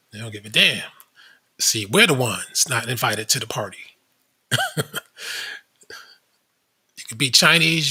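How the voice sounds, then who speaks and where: Blunt husky-voiced man reading from screen. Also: medium pitch, bright, forceful tone. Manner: blunt, reads aloud from screen, frequent asides. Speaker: commentary show host. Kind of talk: casual commentary while browsing web pages.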